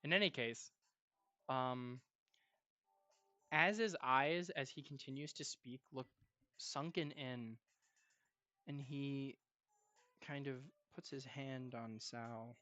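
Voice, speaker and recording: A game master narrating a tabletop game on an online call, relaxed and full of fillers. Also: medium pitch, takes it slowly, long pauses. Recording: muffled online call audio.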